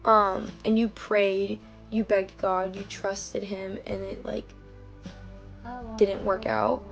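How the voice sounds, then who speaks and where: A woman's voice: medium pitch, flat delivery, slow pace, creaky, lo-fi sound, soft background music. A young woman giving a rambling personal faith testimony straight to her viewers, saying "like" a lot and talking to them as "you guys". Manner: rambling, heavy use of "like", addresses viewers directly. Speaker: faith vlogger. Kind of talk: casual personal testimony to camera.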